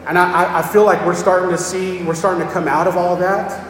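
High-voiced man preaching in an echoey hall. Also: little pitch movement, fairly quick, far from the mic, slight background noise. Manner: plain-spoken, repeats "okay?" to check on listeners. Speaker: pastor. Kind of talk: sermon.

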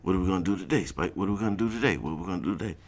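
Man putting on a little cartoon dog, eager, bouncy, pitched up. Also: very fast.

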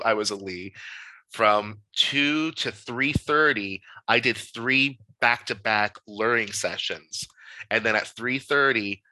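Bright-voiced man telling a story. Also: fairly low pitch, no echo, rough recording. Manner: candid, animated storyteller with frequent fillers. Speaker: podcast guest. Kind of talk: casual interview storytelling.

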